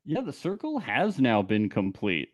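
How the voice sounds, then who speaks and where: A man co-hosting a casual podcast chat over a remote call, animated and saying "like" often. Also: mid-range voice, a little slow, a little hiss or hum. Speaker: podcast co-host.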